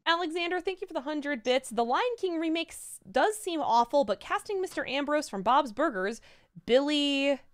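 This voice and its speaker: A woman's voice: sits high, lively intonation, moderate pace. A woman co-hosting a livestream panel, reading out viewer donations and chatting casually. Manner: upbeat, laughs easily, reads chat messages aloud.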